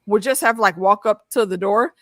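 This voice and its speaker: Animated woman hosting a dry-sounding recap. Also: mid-range voice, moderate pace, dry recording. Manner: animated, profane, acts out quotes. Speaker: podcast host. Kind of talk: casual show recap discussion.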